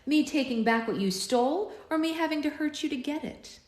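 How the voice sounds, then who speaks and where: Calm cold villain lady, read out by a woman, roomy echo. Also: high-pitched, brisk, voice pushed up. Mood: cold menacing. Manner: calm, quietly threatening. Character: cold menacing female time-traveling villainess.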